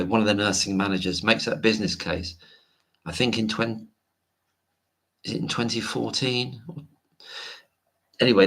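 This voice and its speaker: A man's voice: fairly low pitch, a bit bright. A man hosting a late-night livestream, rambling casually and reading viewer comments aloud. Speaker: livestream host.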